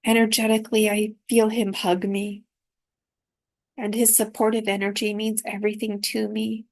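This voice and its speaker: A woman reading aloud from her own spiritual dream journal in a soft, unhurried, reflective way. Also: fairly high pitch, level tone, vocal fry.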